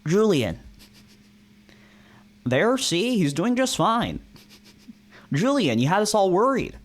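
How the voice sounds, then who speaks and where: A man reads out a relentlessly chipper male office boss, lifting his pitch into a bright, sing-song brightness. He keeps things soothing and falsely reassuring, as in a visual novel read-aloud, his voice bouncing with lively ups and downs. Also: slow pace, full character voice. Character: cheery upbeat male workplace manager.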